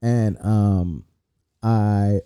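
A man's voice: fairly low pitch, steady tone, extremely slow, warm tone, clean tone. A young man, a guest comedian rambling through stories in casual, slangy podcast chat. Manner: rambling storyteller, slangy, peppered with 'bro'.

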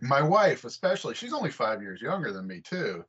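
A man's voice: mid-range voice, sing-song, fairly bright tone, slightly rough. Forties guy on a podcast, kinda awkward, stumbles over words, chuckles, muffled call audio. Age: 40s. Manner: halting, self-deprecating, repeats words and chuckles. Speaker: guest comic artist. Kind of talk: casual interview chat. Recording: dull lo-fi remote call audio.

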